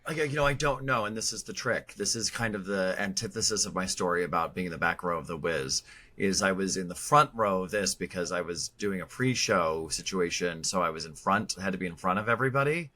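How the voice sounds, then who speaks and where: A man co-hosting a podcast, joking and telling quick animated stories. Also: low voice. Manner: animated, jokey, fast asides. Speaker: podcast co-host. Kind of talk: casual chat.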